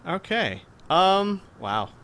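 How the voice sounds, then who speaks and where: A man narrating as game master in a tabletop role-playing game, relaxed with fillers. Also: high voice, extremely slow.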